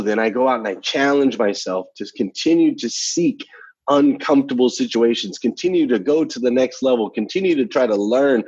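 Earnest man telling a story, husky voice. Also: medium pitch, no echo, highs cut off. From United States. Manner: earnest, repetitive, emphatic storytelling. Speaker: interview guest. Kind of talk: personal storytelling in conversation.

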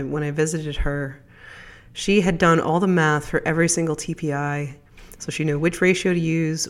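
Podcast host, stuffy nose from a cold, rambles along chatty and easygoing, middle-of-the-road pitch. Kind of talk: casual solo podcast chat.

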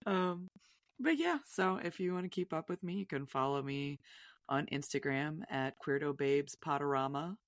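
A woman's voice: low voice, a little slow, pauses often, dry recording, clean studio sound. A woman guest on a podcast, chatting casually in a rambling, self-deprecating way and laughing often. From Virginia, US.

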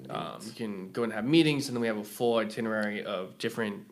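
A young man from Hawaii, a film producer and podcast guest, chatting casually as a lively storyteller who laughs often. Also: on the low side, fast talker.

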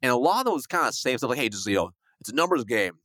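A man telling a sales story in a lively, fast conversational way, acting out the voices of the people in it. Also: medium pitch, no echo, clean studio sound. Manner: fast, animated, acts out quoted dialogue. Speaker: guest, sales coach.

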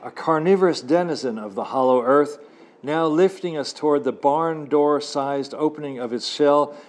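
A man reading his own adventure novel to a live audience in a cafe, expressive and wry, adding asides. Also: on the high side, moderate pace. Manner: wry, expressive storyteller who adds asides.

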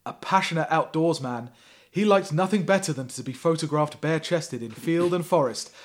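A man reads a thriller aloud for a podcast, in a dry, sardonic way. He laughs often and stops to poke fun at the prose. His voice sits a little higher than most men's. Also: normal speed. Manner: sardonic, often laughing and breaking off to mock the text. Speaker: podcast host. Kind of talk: comic reading of a thriller novel.

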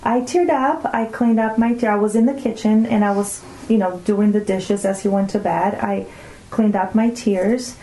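A woman's voice: mid-range voice, normal speed, reverberant, rough recording. A middle-aged woman whose first language is Portuguese, a guest telling family stories in casual conversation and acting out the voices. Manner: animated storyteller acting out family dialogue.

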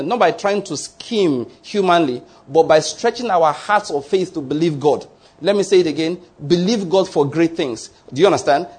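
A man's voice: a little high, darkish tone, husky. A middle-aged man preaching a sermon with emphasis, repeating his points and checking that listeners follow.

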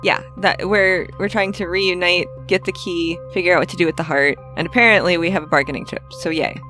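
A woman's voice: lowish voice, fairly even intonation, brisk, sharp tone, soft background music. A woman playing a tabletop game, talking hesitantly and trailing off. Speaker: player. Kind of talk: casual tabletop play.

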